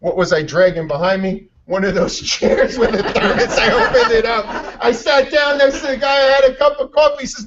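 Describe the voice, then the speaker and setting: Energetic, blunt male motivational speaker, high voice, distant and muffled. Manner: energetic, blunt, swears freely. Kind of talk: motivational storytelling talk.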